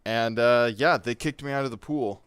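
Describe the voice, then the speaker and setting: A man's voice: medium pitch, normal speed, fairly bright tone, clean tone, no echo, clean studio sound. A man casually telling a personal story, rambling with lots of fillers and swearing. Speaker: gaming YouTuber.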